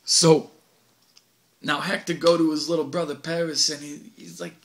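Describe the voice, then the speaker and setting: A man's voice: a little high, flat delivery, normal speed, slight background noise, lightly acted. A man acting a cocky streetwise teenage delinquent in a stage monologue, boastful and slangy, recorded on a home video camera. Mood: swaggering. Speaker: actor in an audition monologue.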